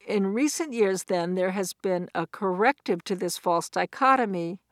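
Woman giving a measured lecture. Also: medium pitch, lively intonation, dry recording, clean studio sound. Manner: measured, explanatory, with quoted examples. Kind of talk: recorded academic lecture.

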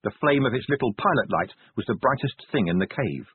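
A man narrating a novel as an audiobook reader, in measured storytelling. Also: husky. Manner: measured storytelling with lively pitch. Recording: phone-like lo-fi audio.

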